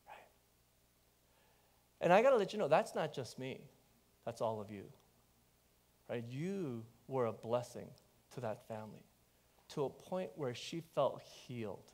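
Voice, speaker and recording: A man preaching a sermon as pastor, telling a personal story in an animated way and talking straight to the congregation. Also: medium pitch, measured pace, pauses often. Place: church.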